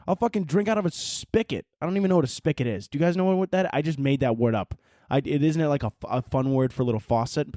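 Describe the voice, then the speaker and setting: A man's voice: on the high side, quick pace, dark tone, dry recording, clean studio sound. A man hosting a solo podcast, rambling and joking with frequent swearing. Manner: rambling, profane, jokey. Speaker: podcast host.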